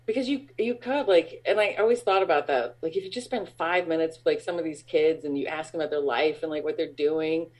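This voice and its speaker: A woman in her forties, a guest in a casual interview, rambling with lots of fillers and laughing at her own stories, jumping up high when acting out fans. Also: brisk, few pauses, a little mellow.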